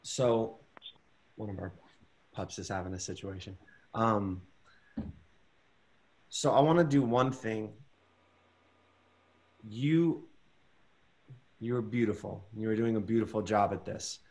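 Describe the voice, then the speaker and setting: Gentle encouraging male acting coach. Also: fairly low pitch, takes it slowly, pauses often. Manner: gentle, encouraging, searching for words. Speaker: masterclass teacher. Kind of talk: acting critique over video call. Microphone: video call.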